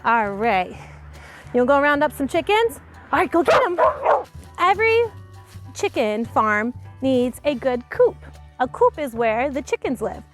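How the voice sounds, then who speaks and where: High-voiced woman chatting to little kids about farm animals, super bouncy and expressive, outside on a farm. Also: a little slow, faint music behind. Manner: animated, talks directly to young viewers. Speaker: host showing a farm to children. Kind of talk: children's educational talk.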